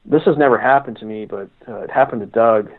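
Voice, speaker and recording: A male guest telling stories in a rambling, halting way, often restarting his sentences. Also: medium pitch. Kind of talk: casual storytelling. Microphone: phone call. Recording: phone line.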